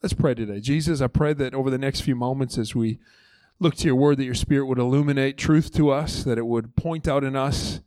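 This lead pastor, a man in his thirties, speaks briskly in a mid-range voice during a conversational sermon on a church stage. The recording is dry, and he's animated, acting out voices from the story.

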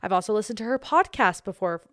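A young woman hosting a solo podcast, chatting in an excitable, gushing way. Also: mid-range voice, quick pace, no echo, clean studio sound. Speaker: podcast host.

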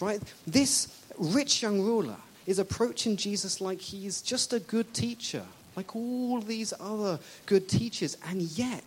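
A preacher giving a sermon to a church congregation, talking conversationally and asking them questions, and acting out quoted speakers with big swings in pitch and loudness. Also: a little hiss or hum. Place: church service.

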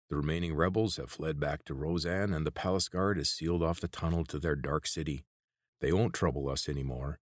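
A man's voice: a bass voice, no echo, studio quality. A man growling as a sneering guard. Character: gruff male guard with rotten teeth, scornful. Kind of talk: audiobook character voice.

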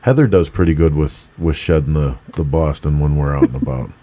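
A man with a Pittsburgh accent hosts in an easygoing, chummy manner. His voice sits very low and sounds warm and relaxed. He is eager and laid-back. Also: fairly quick, slight background noise. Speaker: show host. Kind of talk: casual interview chat.

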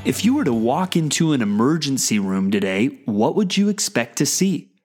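A man hosting a daily Bible devotional podcast, teaching in a conversational way and slowing down to read scripture aloud. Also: medium pitch, very animated, darkish tone, faint music behind. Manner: conversational, with fillers and restarts, reads scripture slowly.

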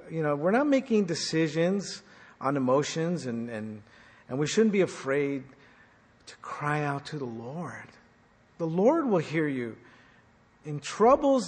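A man's voice: fairly high pitch, breathy edge. Man preaching in an echoey hall. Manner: dynamic preaching, swings loud and soft, rhetorical questions. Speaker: pastor. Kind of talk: sermon.

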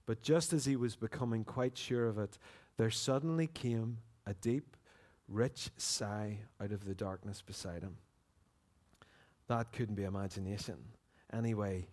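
A man with a Northern Irish accent, a pastor preaching and reading a story aloud in an earnest, expressive way. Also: fairly low pitch, measured pace. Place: church.

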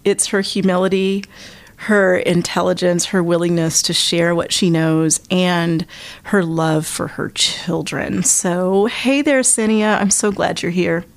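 A woman's voice: fairly low pitch, steady tone, unhurried. Laughing woman hosting a chat. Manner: warm, laughs often. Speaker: host. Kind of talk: casual interview chat.

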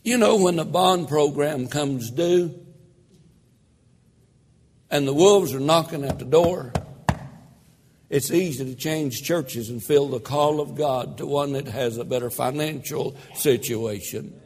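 A man preaching a sermon as pastor, slow and emphatic with dramatic pauses and rising emphasis. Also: a little high, darkish tone. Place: church sanctuary. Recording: echoey church hall.

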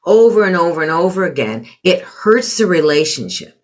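A woman's voice: on the low side, sing-song, moderate pace. A middle-aged woman advising on parenting in a conversational interview, reflective and acting out quoted remarks in changed voices. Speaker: parenting guest.

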